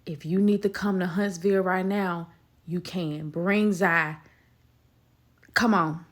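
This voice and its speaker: A friend talking someone down in a low, firm, quiet voice, put on by a woman retelling the moment. She is steady and insistent, slightly lower than the teller's usual voice. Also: takes it slowly. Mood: firm calming.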